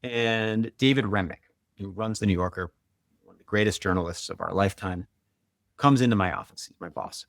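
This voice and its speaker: Middle-aged man, gravelly edge, dry close sound; chatty storyteller, lots of "like.". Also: lowish voice, no echo. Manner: animated, quick, with many "like" and "right?". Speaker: guest, author and marathoner. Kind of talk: conversational storytelling.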